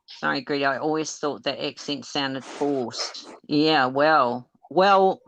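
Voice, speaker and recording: A woman's voice: deep voice, takes it slowly, a bit bright. A woman hosting a casual live stream, talking hesitantly with lots of fillers. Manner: chatty, hesitant, full of fillers and laughs. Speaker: livestream host.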